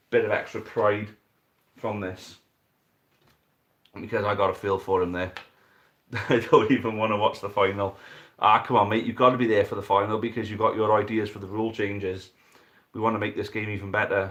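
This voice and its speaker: A young man hosting and commentating a dice football tournament, chatty and excitable, swearing casually. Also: fairly low pitch. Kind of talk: live commentary and casual chat.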